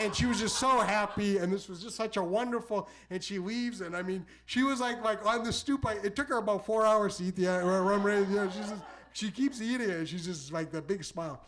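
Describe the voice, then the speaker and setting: High-voiced man rambling through a live story. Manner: rambling, repeats words, stumbles into restarts; animated, exclamatory delivery. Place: small theater stage before a live audience.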